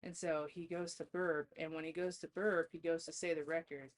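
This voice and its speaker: Woman with a lowish voice, podcast guest, laughs a lot, cusses casually while telling stories. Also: little pitch movement, normal speed. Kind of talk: casual storytelling chat.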